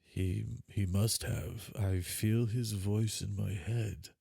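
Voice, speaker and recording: Lower voiced player guy, blunt and eager, dry close mic. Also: steady tone, slow pace, gravelly, mellow, husky, dry recording. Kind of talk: playing a tabletop game.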